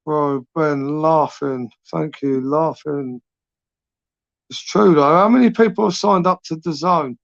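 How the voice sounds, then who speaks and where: A man's voice: fairly high pitch, slow, vocal fry, no echo. A man in his forties hosting a late-night live stream, rambling through chat with sweary, matey banter. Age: 40s. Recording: dry, dull lo-fi stream audio.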